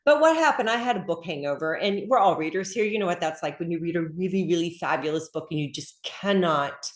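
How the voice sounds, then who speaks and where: A middle-aged woman author talks in a loose, chatty way with plenty of fillers and quick laughs. Her voice sits fairly low. She is heard over a video call in a room with a noticeable echo. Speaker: author guest. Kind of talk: casual interview chat. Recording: echoey room.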